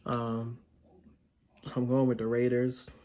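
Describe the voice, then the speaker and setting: A man hosting a casual sports picks vlog, talking in an unhurried, drawn-out way. He is blunt and opinionated, and his speech is full of ums and uhs. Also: mid-range voice, completely flat delivery, mellow, slight background noise. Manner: blunt and opinionated, with many filler words. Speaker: vlog host.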